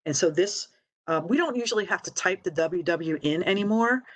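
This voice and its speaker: A woman's voice: lowish voice, expressive, fairly quick, no room sound. A middle-aged woman presenting a casual online tutorial, explaining step by step in a chatty way with fillers and self-deprecating asides. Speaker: library webinar presenter.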